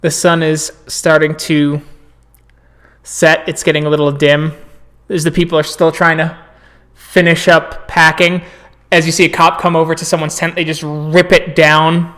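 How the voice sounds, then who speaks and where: A man's voice: on the high side, little pitch movement, normal speed, a bit bright. A man narrating as game master, describing violent scenes with spoken sound effects.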